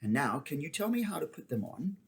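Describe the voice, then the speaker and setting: A man's voice: on the high side, big pitch swings, fairly quick, vocal fry, pitched above the performer's own voice. A man reading as an eager, timid young boy. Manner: eager, hesitant. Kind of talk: audiobook character voice.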